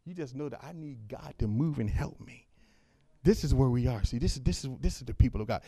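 A man preaching a sermon, talking casually with the congregation and reading scripture aloud, then rising to loud, fervent calls. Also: medium pitch, lively intonation, brisk, breathy edge, dry recording. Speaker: pastor.

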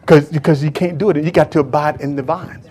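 A man's voice: on the high side, fairly even intonation, quick pace, darkish tone, breathy edge. A man preaching a sermon as a pastor, fervent, repeating his phrases and putting questions to the congregation.

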